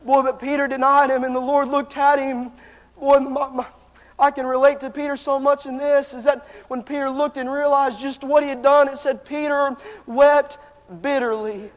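A male preacher delivering a sermon in a strikingly high, strained voice that stays on a narrow band of notes. His delivery is fervent and impassioned as he addresses the congregation. The sound carries a long reverb from a large church hall. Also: flat delivery, moderate pace.

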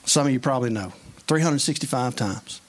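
A man's voice: mid-range voice, expressive, brisk. A man preaching a sermon in an earnest, conversational way, mixing scripture with plain everyday stories.

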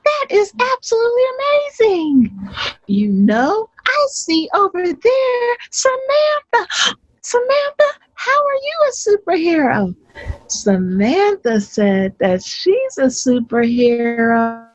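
A woman co-hosts a children's lesson and cheers the kids on. Her high voice moves slowly and rises and falls with each exclamation. The sound is dry and close. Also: no room sound, highs cut off. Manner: encouraging, exclamatory. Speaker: children's ministry co-host.

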